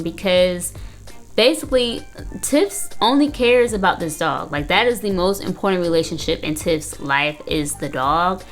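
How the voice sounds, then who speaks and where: Chatty low-voiced young woman recapping a show. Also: normal speed, faint music behind. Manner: chatty, blunt, leans on "like" and "you know". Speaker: reaction video host, counseling student. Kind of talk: casual recap and commentary.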